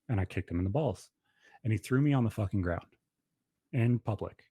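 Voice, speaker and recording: Blunt, cursing man with a low, dark voice. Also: brisk, husky, no echo. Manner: blunt, profane, emphatic storytelling. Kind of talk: casual podcast conversation.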